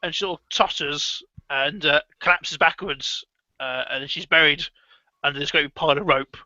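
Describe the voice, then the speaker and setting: A man's voice: on the high side, moderate pace, sharp tone, no room sound, muffled recording. A man narrating as game master of a tabletop horror game, hesitant with many ums. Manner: hesitant, full of ums and restarts.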